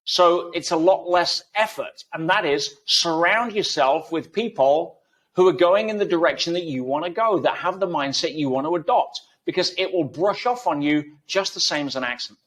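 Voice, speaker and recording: This man's voice is high-pitched and slightly bright. He's a guest being interviewed, driving his ideas home with emphatic, everyday comparisons in conversation.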